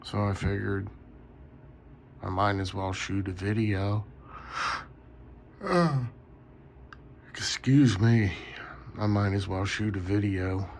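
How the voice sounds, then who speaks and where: A man's voice: low-pitched, completely flat delivery, measured pace, a little hiss or hum. A tired man rambling casually in a late-night vlog from his bedroom, yawning often. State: sleepy. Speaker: knife collector vlogger.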